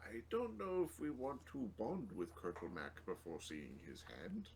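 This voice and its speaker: A man's voice: mid-range voice, huge pitch swings, normal speed, a little mellow, a little hiss or hum. A man playing in a tabletop game, making wry, joking remarks in casual chat. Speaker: player.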